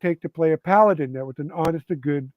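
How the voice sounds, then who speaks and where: A man, a game designer and guest, telling gaming stories in a casual interview, animated and rambling with many restarts. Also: a little high, fast talker. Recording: dull lo-fi sound.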